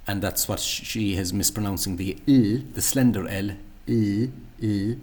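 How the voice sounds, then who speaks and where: A man with a Munster Irish accent explains pronunciation like a patient teacher. His voice sits very low and has a husky edge. He breaks down sounds analytically, saying words over slowly so each one can be heard. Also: darkish tone. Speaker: language teacher. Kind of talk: commenting on app recordings.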